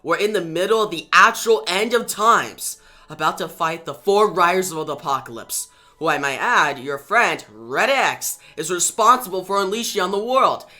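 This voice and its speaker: A man reading the lines of a stern adult female superhero leader in a comic recap, sharp and impatient. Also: a little high, expressive, normal speed. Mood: urgent.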